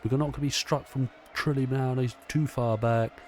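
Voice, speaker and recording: A man, host of a gaming channel, excitedly commentating his own racing game with a chatty, casual manner. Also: medium pitch, normal speed, a little hiss or hum.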